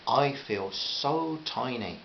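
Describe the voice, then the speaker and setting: A man reading a storybook and voicing a gentle, thoughtful young woman with a Liverpool accent. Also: medium pitch, expressive, slow pace, gravelly. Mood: earnest. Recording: slightly dull with faint hiss.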